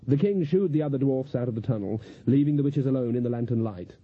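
A man giving a dry, measured scripted audiobook narration on a slightly dull lo-fi recording. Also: mid-range voice, slightly rough, no echo.

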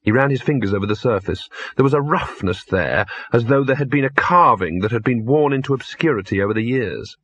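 A man narrating an audiobook in a steady, dry storytelling manner. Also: mid-range voice, a little fast, hardly any pauses, husky, dry recording. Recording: dull lo-fi dry recording.

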